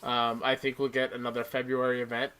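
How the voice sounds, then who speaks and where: A man's voice: mid-range voice, flat delivery, a little fast, a bit bright, smooth. A man co-hosting a casual podcast, easygoing and agreeable with hesitant starts. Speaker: podcast co-host.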